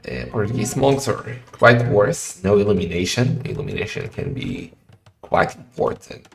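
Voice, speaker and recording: A man casting a live strategy game match in a chatty style that rises to excited shouting in fights. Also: lowish voice, moderate pace, creaky. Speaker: game caster. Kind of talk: live esports commentary. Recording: roomy echo with faint music.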